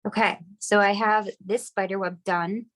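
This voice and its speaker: A young woman getting over a cold, teaching a relaxed, chatty, upbeat step-by-step decorating class. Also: medium pitch, moderate pace. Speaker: craft class instructor. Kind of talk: casual step-by-step demonstration.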